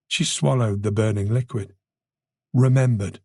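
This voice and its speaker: A man narrating a thriller audiobook in a taut, measured way. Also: mid-range voice, steady tone, a little mellow, no room sound, studio quality.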